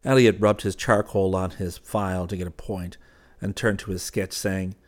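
Male audiobook narrator, low voice, calm measured storytelling. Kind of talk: scripted narration.

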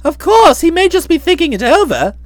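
A woman voicing a breezy young gentleman. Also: very high voice, very animated, a little fast, dry recording. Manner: breezy, chatty.

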